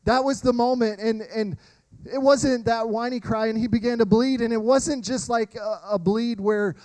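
A man, preaching a sermon and telling animated personal stories to the congregation. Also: extremely high pitch, normal speed, smooth, no echo, rough recording. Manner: animated storytelling, addresses crowd as y'all. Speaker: pastor.

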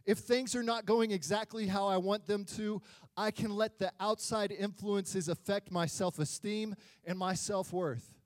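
Male preacher, high voice, dry close sound, lively and joking sermon delivery. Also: measured pace, no room sound. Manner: animated and joking, swinging between loud and quiet. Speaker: pastor.

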